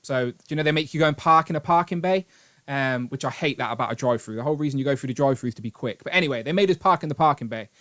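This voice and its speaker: A British man hosting a live stream, telling a long story in an animated, rambling way with grumbling asides. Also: mid-range voice, rapid-fire. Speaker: host. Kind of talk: casual live-stream chat.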